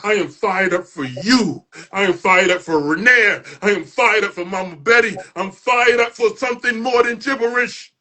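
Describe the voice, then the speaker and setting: A man hosting a poetry show, delivering dramatic spoken-word poetry that builds into shouts. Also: high-pitched, normal speed, few pauses. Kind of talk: performance poetry recital.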